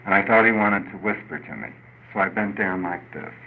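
An older man speaking at a recovery meeting, telling a personal story in an earnest, halting way with many restarts. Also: low-pitched. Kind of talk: personal testimony. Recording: dull lo-fi recording with faint noise.

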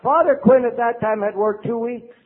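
An older man, a priest, giving a lively recovery talk to an audience, acting out quotes and asking "right?". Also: very high voice, normal speed, phone-quality sound, slight background noise. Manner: animated storyteller, acts out quotes, asks the audience "right?".

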